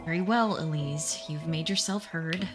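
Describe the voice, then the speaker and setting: Lady playing a strict old priest, low and serious, hoarse voice. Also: moderate pace, music in the background, close to an everyday voice. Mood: stern. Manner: grave and commanding. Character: stern older male village priest.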